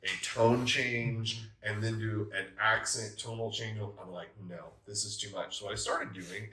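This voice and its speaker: Man with a lowish voice, roomy distant mic. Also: a bit bright, slight background noise. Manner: emphatic, advice-giving. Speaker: tabletop game master. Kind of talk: casual roundtable chat.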